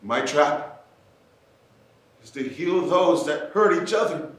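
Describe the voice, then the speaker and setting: A man telling a story on stage in a dramatic, measured way that rises to shouts. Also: fairly high pitch, expressive. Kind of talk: theatrical spoken-word storytelling. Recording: echoey stage from far off.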